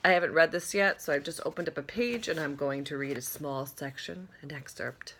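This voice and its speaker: Woman vlogger from Rhode Island, low and bright voice, chatty and rambling to camera. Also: brisk, a little hiss or hum. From Rhode Island, USA. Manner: chatty and rambling, with many asides. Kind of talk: casual chat to camera.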